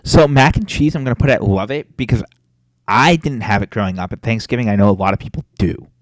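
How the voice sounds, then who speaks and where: A young man in casual podcast chat, animated and opinionated, swearing casually. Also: on the low side, fast talker, no echo, clean studio sound. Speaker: podcast co-host.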